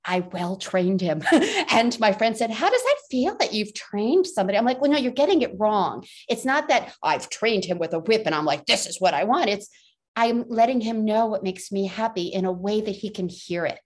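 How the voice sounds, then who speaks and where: A woman's voice: medium pitch, animated, normal speed. A middle-aged woman hosting an interview as a love coach, affirming her guest and laughing easily. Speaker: podcast host, love coach. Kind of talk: casual interview chat.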